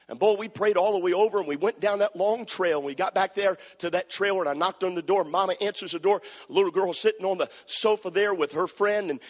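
A male preacher telling a story in a sermon, with folksy repetitions that rise to shouting. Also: high-pitched. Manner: folksy storytelling, repeats words, builds to shouting. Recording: long church hall reverb.

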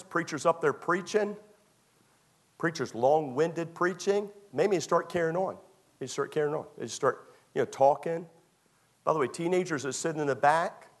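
Man preaching in a repetitive, storytelling style. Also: on the high side. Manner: repetitive, conversational, acts out scenes. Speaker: pastor. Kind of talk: storytelling sermon to young people. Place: church.

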